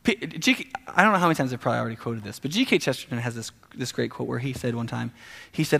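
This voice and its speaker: A man preaching a sermon in a casual, animated, conversational way, often restarting sentences and adding asides. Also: mid-range voice, quick pace, vocal fry. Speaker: pastor. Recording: echoey hall with long reverb.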